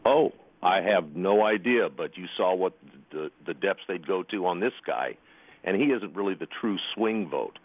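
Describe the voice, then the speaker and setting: A man's voice: low voice, animated, moderate pace. A man calling into a radio show, blunt and matter-of-fact. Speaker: radio caller. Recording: husky voice over phone line.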